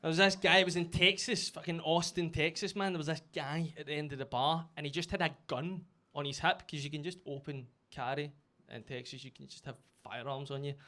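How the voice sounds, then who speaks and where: A Scottish man doing a chatty, self-mocking stand-up routine on a comedy club stage, bursting into shouted punchlines. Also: a little high, fairly even intonation, fairly quick. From Scotland.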